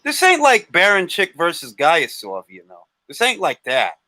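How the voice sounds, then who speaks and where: A man hosting a livestream, talking boxing in an animated, joking and blunt way. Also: high-pitched, moderate pace, dry recording. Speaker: livestream host. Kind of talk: casual boxing chat.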